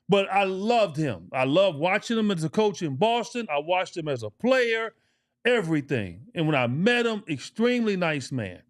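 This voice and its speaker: A middle-aged man, a former pro basketball player co-hosting a podcast, telling a story casually and emphatically, repeating phrases for emphasis and swearing. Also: high voice.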